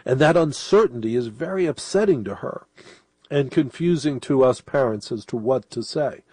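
Middle-aged male radio host, sniffling from a cold, husky and mellow, chatty rambling delivery. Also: mid-range voice, lively intonation, normal speed, no room sound. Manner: rambling, conversational, with restarts and asides. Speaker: late-night radio host. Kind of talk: casual monologue to listeners.

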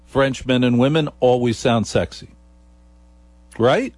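A man from New Jersey with a New Jersey accent, hosting a comic radio talk show, playful and often dropping into a slow, low, seductive register. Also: a little mellow, no room sound. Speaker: radio host.

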